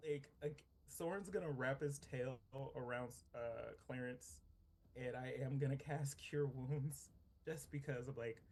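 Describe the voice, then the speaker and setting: A man casually playing his character in a tabletop game, chatty and animated. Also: medium pitch, unhurried, a little hiss or hum. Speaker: player.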